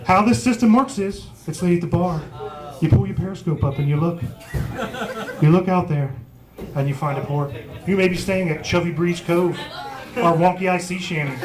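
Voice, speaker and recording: A man in his forties doing a profane, self-mocking stand-up set in a pub. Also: high-pitched. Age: 40s. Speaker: stand-up comedian. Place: small pub comedy stage. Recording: live pub crowd noise. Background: crowd laughing.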